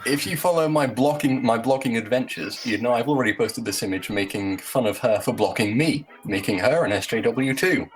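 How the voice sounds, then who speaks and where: A man's voice: medium pitch, fairly quick, hardly any pauses, faint music behind, poor audio. A man hosting a group video call, reading his blog post aloud with sarcastic, joking asides. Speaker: host.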